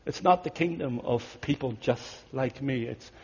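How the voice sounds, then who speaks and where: Husky man preaching in a hall. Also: medium pitch, moderate pace. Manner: earnest, conversational, drops to hushed tones. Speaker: pastor. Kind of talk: sermon storytelling. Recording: dull audio in a big reverberant hall.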